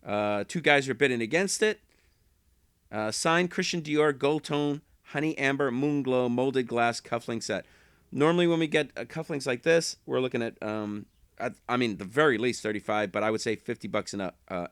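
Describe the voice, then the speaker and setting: A man chats casually to camera, wandering off track and correcting himself mid-sentence. His voice is smooth and clear, at an ordinary pitch. It is recorded dry and close, with no room echo. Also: moderate pace, a bit bright. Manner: chatty, rambling, self-correcting, chuckles. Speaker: eBay reseller vlogger.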